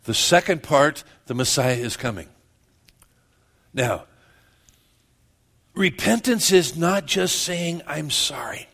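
A man's voice: fairly high pitch, animated, slow, pauses often, fairly bright tone. A man preaching a sermon in a conversational way, asking the congregation questions and joking with them. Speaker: pastor.

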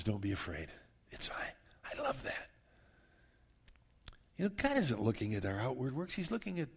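A man's voice: fairly low pitch, darkish tone, breathy edge. A man preaching a verse-by-verse sermon in an earnest, conversational way, turning often to speak straight to his listeners. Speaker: pastor.

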